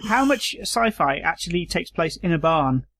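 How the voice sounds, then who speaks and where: A man's voice: a little high, big pitch swings, moderate pace, a bit bright. A man co-hosting a podcast, chatting casually and joking, sometimes reading text aloud plainly. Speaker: podcast co-host. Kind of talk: casual chat.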